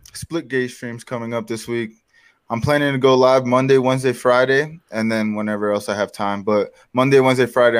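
A man's voice: mid-range voice, smooth, no echo. A man co-hosting a casual livestream chat, laid-back with short replies. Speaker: guest co-host, streamer.

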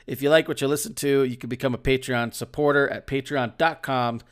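A man co-hosts a podcast from his home, talking in a relaxed, joking manner that wanders and restarts. His voice is smooth and resonant, sitting at an ordinary middle pitch. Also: brisk. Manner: joking, laid-back, rambling restarts. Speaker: podcast co-host. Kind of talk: casual chat. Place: indoors at home.

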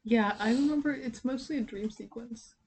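A woman's voice: on the high side, moderate pace, a little mellow, slight background noise. A woman co-hosting a podcast, chatting casually with dry, playful quips. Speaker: podcast co-host. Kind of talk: casual chat.

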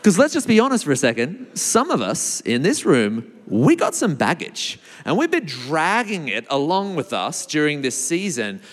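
Animated preacher man in echoey hall. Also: on the high side, normal speed, few pauses. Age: 40s. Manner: animated, playful storyteller acting out other people's voices. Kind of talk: sermon with storytelling.

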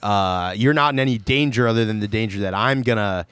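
A man's voice: fairly low pitch, fairly quick, fairly bright tone, smooth, dry recording. A man co-hosting a podcast, laughing often and riffing in long, meandering jokes. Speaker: podcast co-host. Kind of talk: casual comedic chat.

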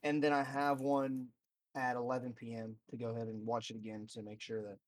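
A man's voice: mid-range voice, completely flat delivery, fairly quick. A young man chatting casually as a podcast guest, telling a story with lots of slang. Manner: laid-back, storytelling with slang like bro and dude. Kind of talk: casual chat.

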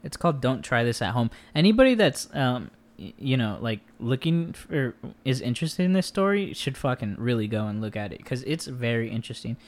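A man's voice: medium pitch, very animated, a little fast. A young man hosting a casual podcast, retelling a story in loose, rambling talk full of slang and swearing. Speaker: podcast host. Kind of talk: casual chat.

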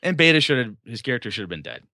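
A man hosting a casual talk about running tabletop games, animated and laughing, acting out scenes and swearing freely. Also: medium pitch, very fast, dry recording, clean studio sound. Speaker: podcast host and game master.

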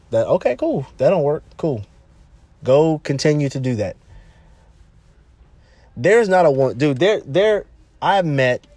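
A man talking casually and bluntly about dating, animated and repetitive, jumping higher when he quotes people. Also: no room sound. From California, United States. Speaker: relationship advice talker. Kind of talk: casual monologue.

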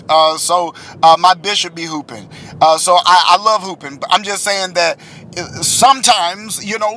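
Man, high bright voice, casual rambling rant, in a car. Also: a little hiss or hum. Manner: rambling, exasperated, heavy fillers. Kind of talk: casual chat.

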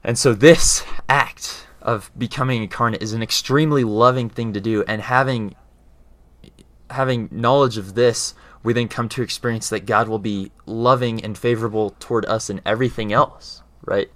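A man's voice: mid-range voice, fairly even intonation, normal speed, a bit bright, no echo. A man in casual explanatory talk, earnest, often checking in with his listener as he explains. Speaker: speaker explaining faith.

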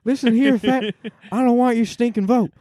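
A cranky old politician who rambles in a high, quavering voice, as a man puts him on for laughs. The sound is close and dry, with no room around it. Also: fairly even intonation, moderate pace, dark tone, dry recording. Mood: ranting. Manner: high wavering put-on voice, laughing through it.

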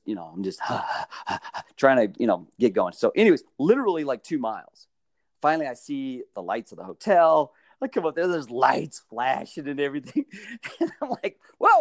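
Animated man telling stories. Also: medium pitch, no room sound, studio quality. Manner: animated, laughing storyteller. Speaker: storyteller. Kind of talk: casual chat.

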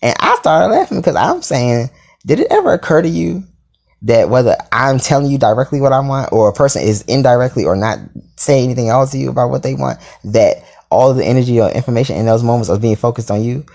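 A man telling a story in a casual, sassy and profane way, with dramatic asides and sudden jumps into a high voice. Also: animated, fast talker, vocal fry, a little mellow.

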